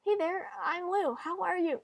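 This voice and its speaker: A woman voicing a kind, upbeat student protagonist, talking in a bright, reassuring way. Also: very high-pitched, expressive, moderate pace, no room sound, pitched above the performer's own voice.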